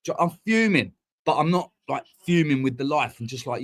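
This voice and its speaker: A man, hosting a fan live stream and ranting in a heated, sweary, rapid-fire way. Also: on the high side, lively intonation. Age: 40s. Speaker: fan channel host. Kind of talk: casual live-stream rant. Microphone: streaming mic.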